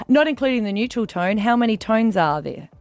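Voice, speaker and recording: A woman co-hosting a radio show in easy, casual chat. Her voice sits at an ordinary middle pitch, and she talks in an animated way with frequent laughs. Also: normal speed, dry recording. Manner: chatty, laughs often, animated storytelling. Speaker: radio co-host.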